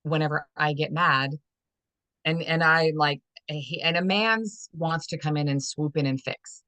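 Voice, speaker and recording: Low-voiced woman telling her story. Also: a little slow, pushed and bright, no echo. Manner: earnest, frank, with frequent restarts. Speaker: holistic fitness and life coach guest. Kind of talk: candid personal storytelling.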